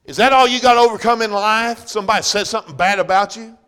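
A man preaching a sermon, swinging from loud bursts down to hushed, low-voiced passages. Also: quick pace, clean tone.

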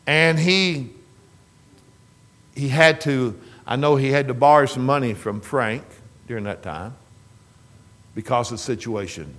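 A man's voice: mid-range voice, unhurried, pauses often, fairly bright tone. A middle-aged man telling a rambling, folksy family story in casual talk. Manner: rambling, folksy, restarts and trails off.

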